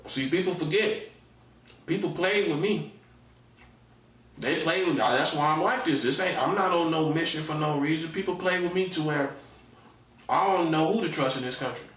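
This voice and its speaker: An online commentator from North Carolina talks in a laid-back, repetitive monologue with a warning edge, his Southern accent clear. His fairly high, fairly bright voice moves at a moderate pace with frequent pauses. The sound is distant, echoey and dull, like a lo-fi room.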